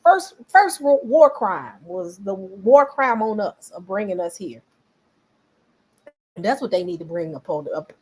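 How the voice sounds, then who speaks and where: Animated woman in casual commentary. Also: mid-range voice, a little slow, slightly rough, poor audio. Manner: animated, talks back to viewers, quotes others in voices.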